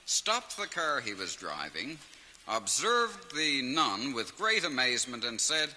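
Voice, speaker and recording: Man cracking jokes, lively and bright, laughs at his own lines, echoey old vinyl sound. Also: medium pitch, a little slow. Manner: animated storyteller who laughs at his own punchlines. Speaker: comedian telling jokes. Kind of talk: stand-up joke telling on record. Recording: vinyl transfer with long hall reverb and faint hiss.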